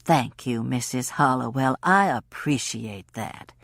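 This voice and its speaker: A woman's voice: rumbling low, slow, gravelly, a bit bright, no room sound, clean studio sound, pitched below the performer's own voice, heavily acted. A woman voicing a big, genial Southern senator, a folksy good old boy with an easygoing drawl.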